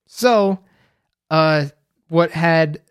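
A young American man hosts a podcast alone, rambling casually and loosely with plenty of fillers. His voice sits on the high side, with drawn-out words and a smooth quality. The studio recording is clean, with no echo.

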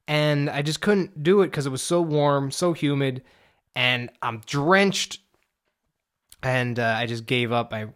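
A man's voice: fairly high pitch, a bit bright. A man in a casual, rambling vlog monologue, profane and self-deprecating. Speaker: vlogger; amateur stage actor.

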